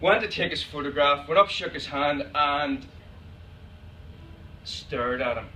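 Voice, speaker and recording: A man's voice: a little high, a little slow, sharp tone. An Irish man, a photographer, telling funny anecdotes to an audience, laughing often. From Ireland. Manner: chatty, laughs often, acts out quoted exchanges. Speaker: photographer giving a talk. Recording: echoey room, distant mic, noisy.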